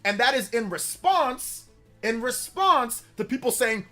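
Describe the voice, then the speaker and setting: This young man's voice is very high, sing-song, unhurried, bright, and forceful. Hosting a casual livestream with music behind him, he argues defensively with chat comments and repeats his point.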